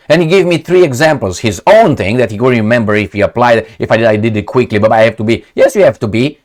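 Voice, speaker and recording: A man giving opinionated commentary to camera, rambling and exasperated, with many hesitations, restarts and non-native phrasing. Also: mid-range voice. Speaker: commentary vlogger.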